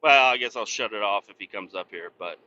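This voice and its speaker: Profane rambling man, bright tense voice. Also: on the low side, fairly quick. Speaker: podcast host. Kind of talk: casual rant while driving. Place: inside a moving truck on the highway. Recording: dull lo-fi sound.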